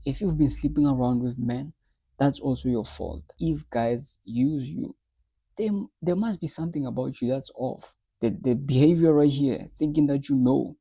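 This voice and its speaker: A man's voice: mid-range voice, moderate pace, creaky, dark tone, slightly rough, dry recording. A man hosting a reaction video, giving blunt, lecturing commentary.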